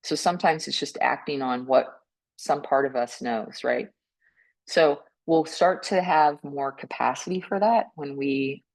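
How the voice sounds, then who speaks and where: A woman speaking on a panel about mental health, gentle and earnest, often tagging her points with a questioning "right?" and restarting her words. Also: low voice, vocal fry, poor audio. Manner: frequent restarts and repeated words. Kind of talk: reflective panel talk.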